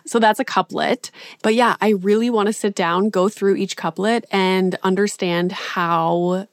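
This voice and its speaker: A woman's voice: medium pitch, fairly even intonation, unhurried, no room sound, studio quality. A woman hosting a podcast, introducing her guest with gushing enthusiasm before interviewing him. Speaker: podcast host.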